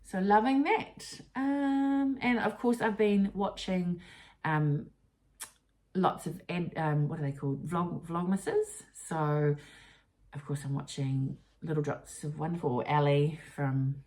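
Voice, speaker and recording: Woman, New Zealand accent, low voice, chatty podcast co-host who slips and laughs. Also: steady tone, slow pace, a little mellow. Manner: chatty, self-correcting, laughs easily. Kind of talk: casual chat.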